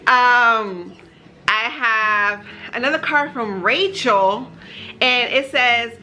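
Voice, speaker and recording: A woman's voice: on the high side, drawn-out words, rough recording. A woman chatting casually to viewers in her home kitchen, speaking into a handheld camera. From Georgia, US. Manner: chatty, warm asides to viewers. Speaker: lifestyle vlogger and mother. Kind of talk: casual vlog chat.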